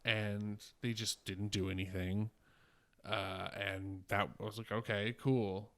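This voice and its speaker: Low, smooth-voiced guy in his twenties. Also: flat delivery, takes it slowly, pushed and bright. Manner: rambling, profane storytelling with many fillers. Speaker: podcast co-host. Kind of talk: casual podcast chat.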